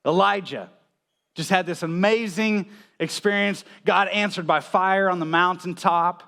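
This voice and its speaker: A man's voice: high-pitched, lively intonation, normal speed, pushed and bright. A man preaching a conversational sermon in a church, telling stories with small chuckles and often checking in with "right?". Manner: chuckles between points. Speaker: pastor.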